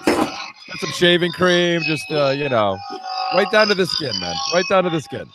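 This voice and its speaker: A man's voice: on the high side, expressive, normal speed, over loud music, rough recording. A man guest on a podcast, laid-back and loose, calling people man. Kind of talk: casual group chat.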